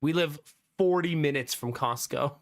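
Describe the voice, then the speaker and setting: A man streaming live, telling a story casually to his chat in an animated, exasperated way and laughing often. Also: a little high, normal speed. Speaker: live streamer chatting with viewers.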